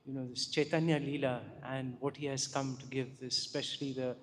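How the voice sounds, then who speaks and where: A man's voice: mid-range voice, level tone, a little fast, slight background noise. A man offering effusive, grateful thanks to a visiting speaker, laughing between phrases. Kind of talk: gracious thanks. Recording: long hall reverb.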